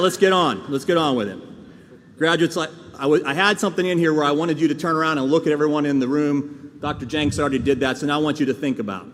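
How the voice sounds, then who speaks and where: Folksy man giving a commencement speech. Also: mid-range voice. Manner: earnest and folksy, with audience asides and jokes. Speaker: commencement speaker. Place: large ceremony hall. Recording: reverberant hall sound with faint background noise.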